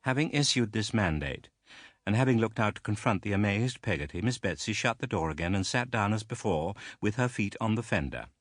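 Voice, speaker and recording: This lowish-voiced male audiobook narrator tells a classic novel in an expressive yet measured way. The sound is clean and studio-grade, free of echo.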